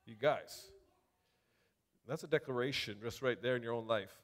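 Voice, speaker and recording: A man preaching a sermon, reading scripture aloud and talking to the congregation in a casual, animated way. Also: medium pitch, fast talker. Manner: animated, conversational, addresses congregation directly; reads scripture aloud with rising emphasis.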